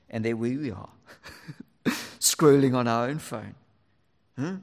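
A man's voice: mid-range voice, unhurried, long pauses. Earnest male preacher in a reverberant hall. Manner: earnest, lively, drops to near whisper for emphasis. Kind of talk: sermon to fathers.

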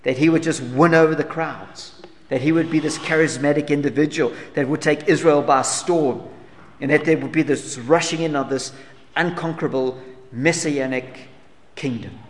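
A man's voice: a little high, fairly even intonation, moderate pace. Earnest male preacher in a reverberant hall. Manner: earnest preaching, rhetorical questions, swelling and dropping to soft asides. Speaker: pastor. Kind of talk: sermon.

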